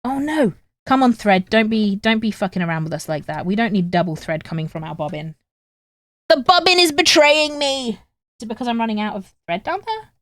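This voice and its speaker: A woman's voice: medium pitch, expressive, brisk, no echo. A young woman from England with a northern English accent, chatting casually with viewers on a sewing livestream. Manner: chatty, reads chat aloud and talks to viewers while sewing. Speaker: streamer.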